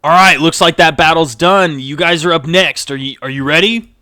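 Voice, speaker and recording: Man playing a hurried stage boss, raised pitch, loud, keeps yelling go. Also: clean tone, no room sound, studio quality. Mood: welcoming.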